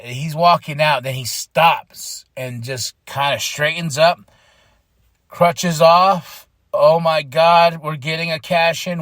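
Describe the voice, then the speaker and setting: A man hosting his own podcast, giving a casual, excitable solo review, breaking into laughter and acting out his reactions. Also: on the high side, slow, dry recording. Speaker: podcast host reviewing a wrestling event.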